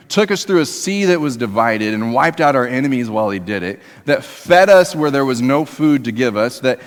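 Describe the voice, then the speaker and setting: A man preaching a sermon in a church, talking to the congregation conversationally and moving between emphatic raised passages and quiet, low ones. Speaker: pastor. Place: church sanctuary. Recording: long reverb of a church hall.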